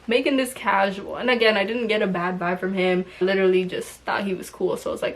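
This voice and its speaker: A woman's voice: mid-range voice, steady tone, fast, hardly any pauses, slight background noise. Young woman, storytime vlog, chatty and slangy, mid-range voice. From Toronto, Canada. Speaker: vlogger.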